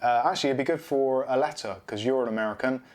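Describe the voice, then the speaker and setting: A man's voice: medium pitch, fast talker, darkish tone. British man, middle-aged, live stream host, rambling and chatty. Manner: chatty, rambling, reads out viewer comments. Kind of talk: casual live stream chat.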